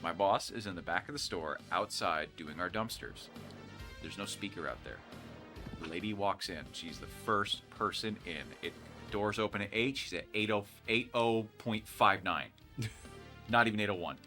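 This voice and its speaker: With soft music in the background, a man with a lowish voice speaks at a moderate pace. He's a co-host narrating a laid-back work story during gameplay, acting out its characters in an animated way.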